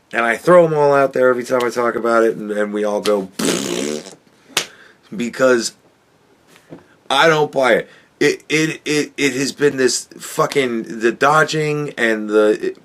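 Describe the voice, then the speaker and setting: A man's voice: mid-range voice, a bit bright. A man hosting a podcast, talking in a rambling, profane opinion monologue full of restarts. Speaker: podcast host.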